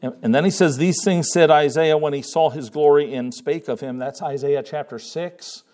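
Male pastor, fairly high voice, folksy sermon delivery, repeats himself, reads old-style scripture. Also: normal speed, a little mellow. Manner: folksy, repeats words, quotes scripture in King James wording.

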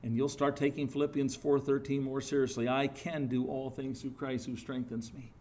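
A middle-aged man preaching a sermon as pastor, earnest and lively, with rising emphatic bursts and some halting restarts. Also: mid-range voice.

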